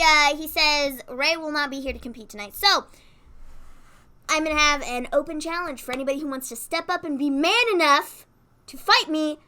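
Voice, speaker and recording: A woman co-hosting a casual wrestling recap, telling stories in an excitable, animated way with lots of "like". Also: sits high. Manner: excitable, animated storyteller, fillers of "like". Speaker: co-host.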